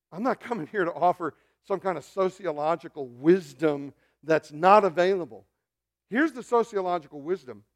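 A man preaching from the pulpit with a somewhat high voice. He swings between soft, near-whispered lines and loud, fervent calls, and breaks off now and then into joking asides to the congregation. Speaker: pastor. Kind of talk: sermon.

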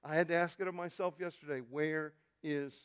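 A male pastor preaching a sermon, telling a story and swinging from quiet, intimate asides to loud, shouted peaks. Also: fairly high pitch, steady tone, fairly quick, clear, resonant tone.

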